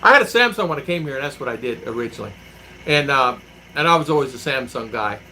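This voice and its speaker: Animated and fast, with a bright, forceful mid-range voice, this vlogger living abroad reads out his live chat and meanders through tales, voicing the quotes dramatically. The low-quality recording has a faint hiss or hum.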